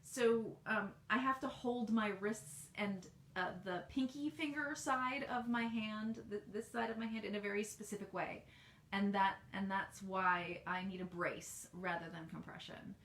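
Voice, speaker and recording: A woman's voice: mid-range voice, steady tone, measured pace, a bit bright, a little hiss or hum. Chatty American woman in an echoey room. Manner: chatty and rambling, many ums and restarts. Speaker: author hosting a live Q&A. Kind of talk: casual livestream Q&A. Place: home office.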